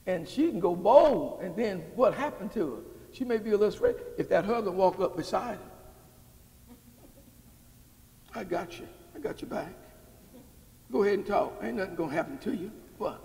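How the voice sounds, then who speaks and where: A man preaching a sermon as pastor, calling out questions to the congregation and building to shouts. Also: high voice, expressive, normal speed, gravelly, pauses often. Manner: call-and-response preaching, rising to shouts. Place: church sanctuary. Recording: long hall reverb.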